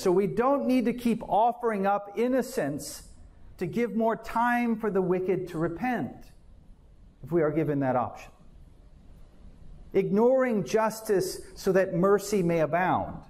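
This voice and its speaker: A man's voice: high-pitched, a little mellow. A man preaching a sermon as a pastor, reading scripture aloud with earnest, dramatic emphasis.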